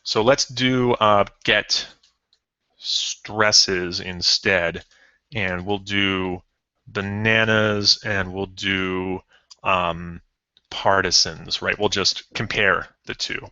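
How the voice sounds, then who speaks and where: Guy live coding, lowish voice, lots of ums, dull dry stream audio. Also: steady tone, extremely slow, sharp tone, dry recording. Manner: thinks aloud with many ums and self-corrections; chuckles at odd results. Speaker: programmer streaming a coding session.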